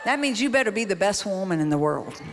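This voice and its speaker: A woman's voice: mid-range voice, lively intonation, fast, background noise. A woman preaching a sermon, folksy and talking straight to the crowd, building into a rhythmic, chant-like exhortation. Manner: folksy, direct address to the crowd.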